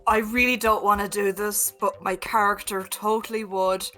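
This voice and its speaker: A woman playing a tabletop game, speaking in a reluctant, halting way. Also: medium pitch, little pitch movement, fairly bright tone, soft background music. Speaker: player. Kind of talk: casual chat in a tabletop game.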